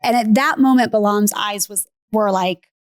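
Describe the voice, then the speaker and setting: A woman's voice: mid-range voice, normal speed, clean tone, no room sound, studio quality. A woman hosting a podcast, telling a story in a casual, earnest way. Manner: earnest, retells with acted quotes. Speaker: podcast host.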